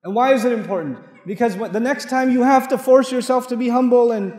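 Fast, high-voiced man preaching in a hall. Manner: animated, rhetorical questions, recites Arabic verses. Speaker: Islamic lecturer. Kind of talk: sermon. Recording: echoey hall with long reverb.

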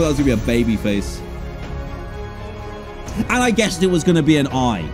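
A man giving excitable let's play commentary on a horror game, with sudden high yelps. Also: fairly quick, pauses often, over music. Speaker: gaming streamer.

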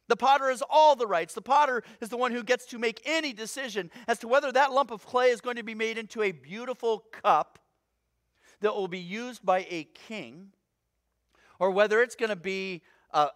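Pastor guy preaching, high bright voice, really lively, chatty and playful. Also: dry recording, studio quality. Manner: animated, conversational, acts out voices. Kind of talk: sermon.

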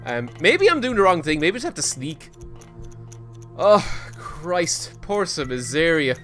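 Guy streaming a game, bright voice, bouncing all over in pitch, swearing at the screen, faint game music behind. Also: measured pace. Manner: excitable, swears often, talks to the game and chat. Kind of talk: casual live gameplay commentary.

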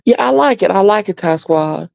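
A man's voice: high voice, animated, moderate pace, gravelly, no echo, highs cut off. A man with an American accent hosting a casual live stream, chatting sassily with his viewers and calling them honey and baby. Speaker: host.

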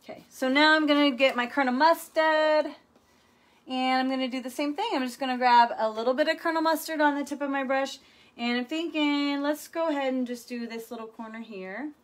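A woman with a high, brisk voice hosts a live furniture painting demonstration. Chatty and playful, she walks viewers through each step.

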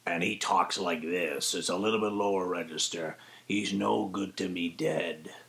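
A ruthless armored space bounty hunter, voiced by a man, with a low register and a raspy throat. He speaks coldly, slowly and with few words. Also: steady tone, fairly bright tone, heavily acted.

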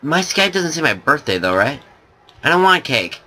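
A young man hosting a gaming channel, rambling and joking excitably in casual gameplay commentary. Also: on the high side, moderate pace, a little hiss or hum.

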